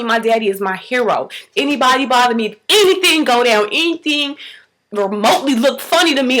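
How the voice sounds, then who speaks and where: A mother in a casual vlog, telling an emotional story in slangy, animated speech and acting out quotes in a higher voice. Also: poor audio. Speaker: mother vlogging about parenting.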